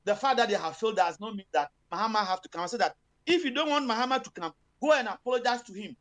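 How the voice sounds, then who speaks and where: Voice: medium pitch, expressive, fast, fairly bright tone. A speaker with a Ghanaian accent giving impassioned political commentary, switching between Twi and English with many fillers and emphatic bursts.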